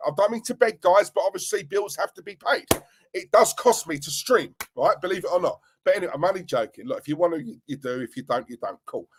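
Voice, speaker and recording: A middle-aged man, casually chatting on a livestream and giving loud shout-outs to his viewers. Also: high-pitched, animated, fast, slight background noise. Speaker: livestream host.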